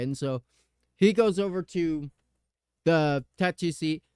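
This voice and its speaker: A man hosting a podcast, telling a personal story in a casual, animated way with the odd curse word. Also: a little high, takes it slowly, clean tone, no echo, clean studio sound. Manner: animated retelling, swearing. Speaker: podcast host.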